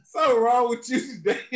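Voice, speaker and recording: High-voiced man teasing and laughing. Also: moderate pace, fairly bright tone. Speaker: podcast co-host. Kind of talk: casual podcast banter. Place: basement.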